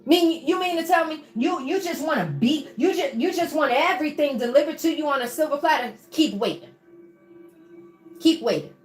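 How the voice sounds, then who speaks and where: Lively high-voiced woman coaching with fervor. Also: normal speed. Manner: preachy and encouraging, calls listeners baby, asks for replies. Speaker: motivational coach on a livestream. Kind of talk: live-streamed motivational talk. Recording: roomy echo with faint music.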